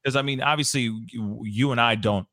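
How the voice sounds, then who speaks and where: A man's voice: medium pitch, a little fast, sharp tone, dry recording, clean studio sound. A man hosting a casual interview show, laid-back and slangy, joking as he corrects himself. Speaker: podcast host. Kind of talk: casual chat.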